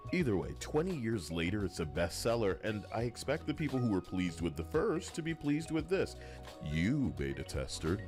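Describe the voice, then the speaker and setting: A man hosting opinionated gaming commentary, sarcastic and rambling, with a mocking edge. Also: low-pitched. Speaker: host.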